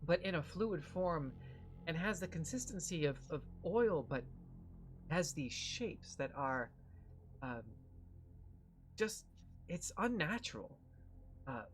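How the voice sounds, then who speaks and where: A man's voice: on the high side, animated, slow pace, long pauses, faint music behind. A man narrating as game master of a tabletop game, describing scenes in a meandering way with many fillers.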